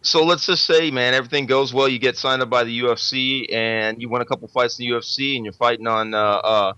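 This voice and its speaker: A man hosting a podcast, talking casually and profanely with halting restarts. His voice is bright and tense. It is recorded dry and dull, with a lo-fi feel. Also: mid-range voice, steady tone, smooth, no echo. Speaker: podcast host. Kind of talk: casual chat.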